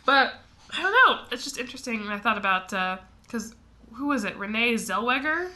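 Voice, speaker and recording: Young woman co-host from the US, casual and giggly, bright tone, pitched a bit high. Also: big pitch swings, normal speed. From United States. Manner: chatty, laughs often, lots of fillers. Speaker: podcast co-host. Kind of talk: casual chat.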